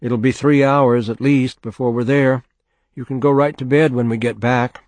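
A man voicing a patient, weary farm mother who speaks gently but firmly to her sick son. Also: mid-range voice, steady tone, normal speed, no room sound, voice pushed up, close to an everyday voice. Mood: soothing, firm.

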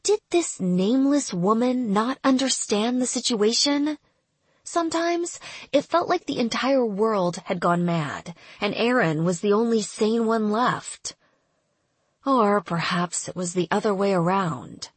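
A woman reads a story at an unhurried pace, her voice breathy and lively in pitch. The recording is close and dry. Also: no room sound. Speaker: audiobook narrator. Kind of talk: scripted narration.

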